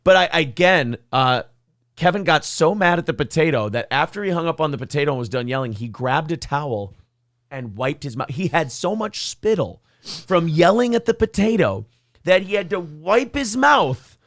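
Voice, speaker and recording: Male podcast host, high pitched, lively storyteller who acts out quotes; dry studio sound. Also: moderate pace, no room sound. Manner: animated storyteller, acts out quotes, swears freely. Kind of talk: casual chat.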